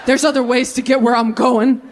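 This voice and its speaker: A young woman doing a stand-up comedy set with crowd work, animated and quick with asides, laughing at her own jokes. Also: sits high. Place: comedy stage before a live audience. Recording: live show with loud crowd noise.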